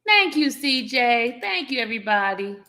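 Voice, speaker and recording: A woman's voice: on the high side, very animated, normal speed, bright, forceful tone. Playful woman greeting her livestream viewers. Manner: laughs often while teasing the audience. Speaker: livestream host. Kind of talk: casual livestream chat.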